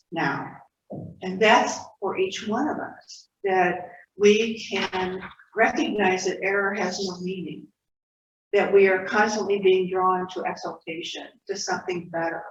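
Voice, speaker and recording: A woman giving a sermon at a spiritual center in a conversational storytelling manner with asides. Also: mid-range voice. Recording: roomy, distant, dull hall audio with faint noise.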